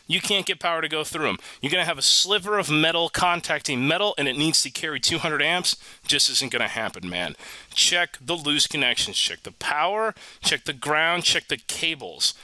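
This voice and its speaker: Bright, joking man teaching car electrics. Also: on the high side, dry recording, rough recording. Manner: casual, joking, animated teaching with asides. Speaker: automotive instructor. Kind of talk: recorded online lesson.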